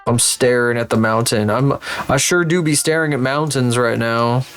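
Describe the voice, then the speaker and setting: A man's voice: medium pitch, normal speed, a bit bright, clear, resonant tone. A man commentates his own game on a live stream, rambling from thought to thought and swearing easily. His voice sits in an ordinary middle register. Faint music plays underneath. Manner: rambling, swearing, thinking aloud. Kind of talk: casual livestream commentary while playing a geography game.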